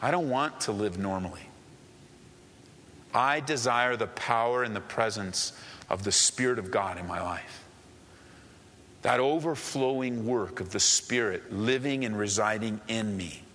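A man's voice: lowish voice, measured pace, a bit bright, a little hiss or hum. A man preaching a sermon, emphatic and repetitive, asking the listeners rhetorical questions. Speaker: pastor. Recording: long hall reverb.

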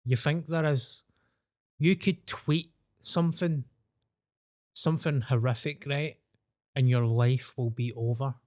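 A man's voice: mid-range voice, fairly even intonation, slow, pauses often, dark tone. A man co-hosting a podcast, a comedian chatting casually, teasing his co-host with jokey questions.

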